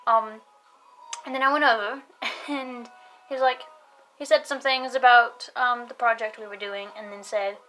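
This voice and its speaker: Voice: mid-range voice, steady tone, moderate pace, pushed and bright, faint music behind, rough recording. A young adult vlogger chatting casually to camera, rambling off on tangents with frequent laughter and casual swearing.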